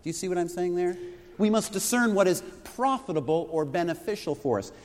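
Man preaching, high voice, long hall reverb, asks the congregation questions. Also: animated, brisk, darkish tone. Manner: explanatory teaching with rhetorical questions. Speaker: pastor. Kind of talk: sermon.

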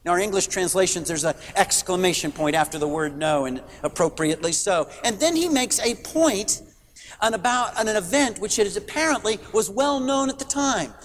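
High-voiced man preaching in a reverberant church. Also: expressive, moderate pace, a little hiss or hum. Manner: earnest, rhetorical questions, emphatic. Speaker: pastor. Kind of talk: sermon.

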